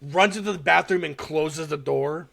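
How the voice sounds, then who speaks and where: A man hosting a podcast, casually recapping a short film with animated, profane storytelling and frequent laughter. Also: a little high, moderate pace, creaky. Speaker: podcast host.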